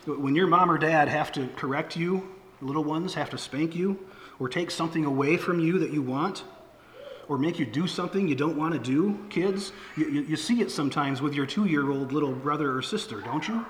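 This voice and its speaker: A middle-aged man preaches a sermon from the pulpit, talking plainly to the congregation with fillers and false starts. His voice sits a bit high for a man. The sound is echoey and roomy, with a long church reverb. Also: normal speed, a bit bright, slight background noise. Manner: conversational preaching with fillers and restarts. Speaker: pastor. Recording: echoey hall with faint ambience.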